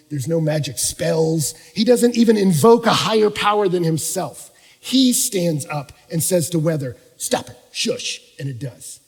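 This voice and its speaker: A man preaching a sermon as pastor, swinging from hushed, quiet stretches up to shouting. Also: on the high side, husky. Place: large church auditorium. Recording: long reverb of a large hall.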